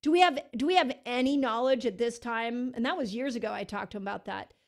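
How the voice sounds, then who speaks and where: A woman's voice: on the high side, fast talker. A middle-aged woman from the United States hosting a podcast, talking earnestly and emphatically with frequent restarts. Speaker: podcast host. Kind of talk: casual interview chat.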